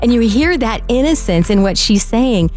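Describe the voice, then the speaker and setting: A woman co-hosting a fundraising radio show, warm and enthusiastic as she reads donor stories. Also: fairly high pitch, animated, normal speed, faint music behind. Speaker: radio co-host.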